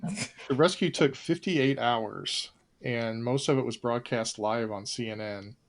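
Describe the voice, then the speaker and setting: A man's voice: medium pitch, a little slow. Dry-humored male quizmaster. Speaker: quizmaster host. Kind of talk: reading trivia questions, casual chat.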